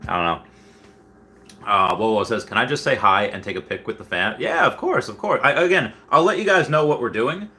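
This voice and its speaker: Reading out viewers' comments, a young man hosting a livestream wanders through self-deprecating stories laden with fillers. He talks fairly quickly in an animated, sharp-toned, mid-range voice.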